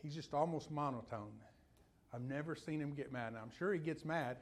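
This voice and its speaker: A man's voice: a little high, brisk. A man preaching a sermon in a folksy, conversational way, telling personal stories and putting questions to his listeners.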